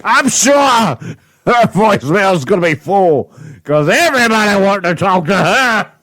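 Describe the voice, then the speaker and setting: A man's voice: high-pitched, sing-song, unhurried, fairly bright tone, dry recording, poor audio. A man hosting a radio show, doing a rowdy prank-call bit and laughing a lot as he mocks a coworker. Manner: mocking, laughs often. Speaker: radio host. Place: radio studio.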